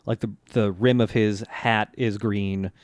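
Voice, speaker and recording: A man's voice: fairly low pitch, steady tone, measured pace, no echo, clean studio sound. A man co-hosting a podcast, casually recapping an anime and meandering as he searches for words. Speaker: podcast co-host.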